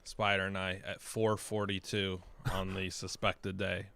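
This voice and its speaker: A man on a sports podcast, giving mock-serious, deadpan reports in casual chat. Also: sits low, measured pace, vocal fry.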